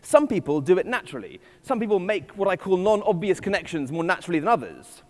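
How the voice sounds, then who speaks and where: A man's voice: high voice, sing-song, fast talker. A man giving a witty, digressive keynote talk at a conference. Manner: witty, digressive, self-deprecating. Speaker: conference speaker. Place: conference hall. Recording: hall reverb from stage.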